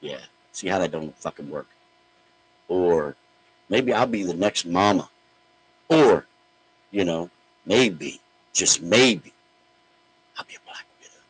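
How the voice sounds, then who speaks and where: A man with a very deep, husky voice rants on his podcast, blunt and profane. His delivery swings up and down with lively pitch as he mocks his targets. The tone stays gruff and opinionated. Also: takes it slowly, pauses often, poor audio. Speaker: podcast host.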